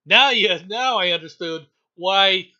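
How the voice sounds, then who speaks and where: A man's voice: high voice, a little slow, sharp tone. A man hosting a casual news commentary show, reading stories aloud with wry asides and frequent laughter. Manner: laughs often, wry asides, mock quotes. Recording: dull lo-fi sound.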